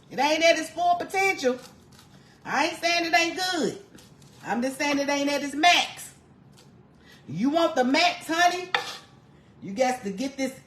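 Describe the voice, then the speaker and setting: Lady cooking in her kitchen, lively up-and-down voice, kinda echoey room with a faint hum. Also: sits high. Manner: folksy, calls the viewer honey, laughs often. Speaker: home cook vlogger. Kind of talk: casual cooking demonstration. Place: home kitchen.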